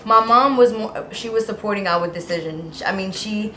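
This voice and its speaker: A young adult woman vlogger tells stories casually in a mid-range voice at a moderate pace. She rambles in long run-on stretches packed with "like." The echoey room carries faint noise.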